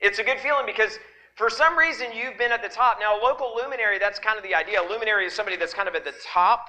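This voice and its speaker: A pastor, a man whose voice sits high and rings with a very bright, forceful edge. He preaches through a microphone in a church, playful and folksy, teasing his congregation as he asks for a show of hands. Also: racing, low-quality recording. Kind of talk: sermon. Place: church sanctuary.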